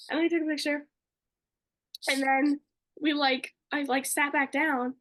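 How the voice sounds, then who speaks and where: A woman's voice: sits high, flat delivery, unhurried, a bit bright. A young woman co-hosting a podcast, telling a story casually and gushing, with lots of fillers. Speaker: podcast co-host.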